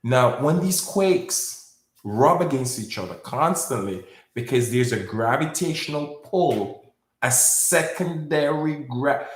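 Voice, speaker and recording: A man's voice: mid-range voice, lively intonation, unhurried. Rambling man in an echoey room. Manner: rambling, repeats words, insults critics. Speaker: video host. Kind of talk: casual monologue to camera.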